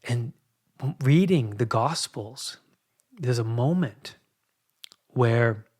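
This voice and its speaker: A man hosting a solo podcast, speaking in a reflective, halting way that often repeats words as he searches for them. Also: mid-range voice, lively intonation, a little mellow, husky. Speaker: podcast host and anxiety coach.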